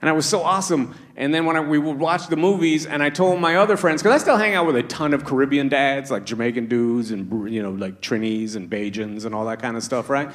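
A male stand-up comedian performing a set, animated and laughing at his own asides. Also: medium pitch, fairly quick, few pauses. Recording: noisy live club recording.

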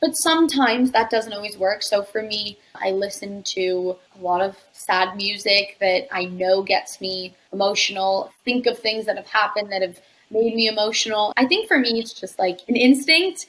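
A woman's voice: mid-range voice, moderate pace, fairly bright tone, poor audio. A young woman, an actress guest in an interview, answering in a chatty way with many filler words.

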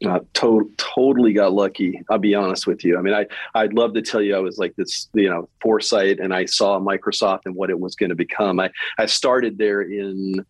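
A man's voice: low-pitched, fairly even intonation, brisk, hardly any pauses, husky, no room sound, rough recording. A man in his fifties with a slight Southern accent from Kentucky, talking casually as an interview guest, often restarting and repeating words.

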